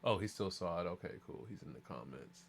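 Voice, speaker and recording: A man's voice: sits low, animated, a little fast, vocal fry, slightly rough. A man hosting a live stream, chatting in a loose, rambling, profane and hyped way. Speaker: livestream show host. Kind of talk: casual live-stream chat.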